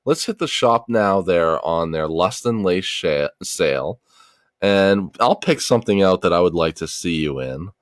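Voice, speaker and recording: A man's voice: sits low, animated, a little slow, no echo, clean studio sound. A man hosting a casual podcast, rambling easygoing through sponsor segments. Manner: rambling, easygoing, repeats words. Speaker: podcast host. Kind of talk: casual podcast chat, reading sponsor ads.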